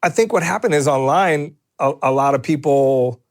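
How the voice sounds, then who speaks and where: A man's voice: fairly high pitch, normal speed. A man co-hosting a podcast in a studio, rambling in casual chat with many restarts and fillers. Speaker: podcast co-host.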